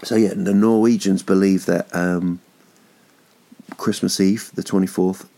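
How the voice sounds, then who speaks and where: A man's voice: low-pitched, fairly even intonation, unhurried, vocal fry, warm tone. A man in his thirties hosting a podcast from home, rambling through jokes with lots of ums and restarts. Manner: rambling, jokey, swearing, many ums and restarts. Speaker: podcast host. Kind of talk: casual comedic monologue.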